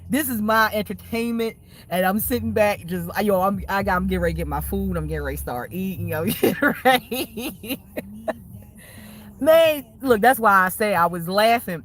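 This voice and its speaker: A woman's voice: mid-range voice, normal speed. A woman livestreaming and chatting casually with her viewers, rambling, swearing freely and laughing often.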